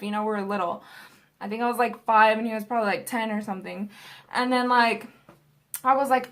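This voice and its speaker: A woman's voice: a little high, fairly even intonation, brisk. A young adult woman vlogger telling a story in a casual, rambling, profane way.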